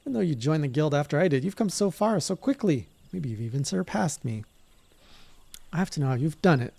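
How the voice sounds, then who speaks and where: A man's voice: a little high, animated, a little fast, vocal fry, a little mellow, husky, pitched above the performer's own voice, exaggerated voice. A man voicing a frustrated young rival archer in a game, speaking in an urgent, questioning way.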